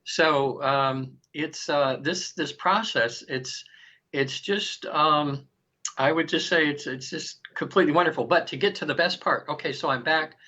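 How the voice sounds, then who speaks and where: A man in his sixties, an interview guest telling a personal story in an animated way, acting out quoted lines and often restarting his sentences. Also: on the high side, unhurried. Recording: dull lo-fi recording.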